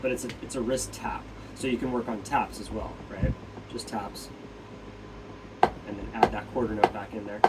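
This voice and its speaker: A man's voice: lowish voice, steady tone, moderate pace. A man giving a casual drum lesson, counting beats aloud and asking "right?" as he explains. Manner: counts beats aloud while demonstrating on a practice pad; loose, filler-heavy explaining with frequent "right?". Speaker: drum teacher. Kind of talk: casual instructional talk. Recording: distant mic with loud drum-pad noise.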